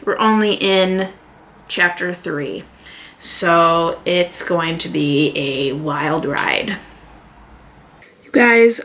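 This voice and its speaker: A woman's voice: a little high, a bit bright. A woman vlogging casually about a book she is reading, telling stories dramatically and saying "oh my gosh" a lot. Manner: chatty, dramatic storyteller, frequent "oh my gosh" exclamations. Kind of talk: casual vlog chat.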